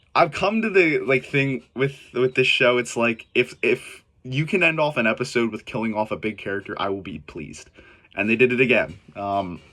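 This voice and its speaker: A man's voice: medium pitch, fairly bright tone. A young adult man giving a casual, rambling episode review, full of fillers, self-corrections and swearing. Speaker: TV show reviewer.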